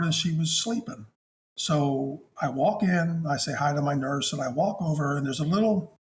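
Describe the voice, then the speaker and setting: A man working as a hospice chaplain, telling a story in a gentle, affectionate, conversational way. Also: fairly high pitch, slight background noise.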